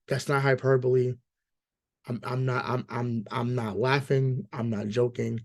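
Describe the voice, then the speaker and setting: A hoarse man co-hosting a casual sports podcast, talking emphatically with lots of swearing and stammered repeats. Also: mid-range voice, steady tone, normal speed. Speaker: podcast co-host.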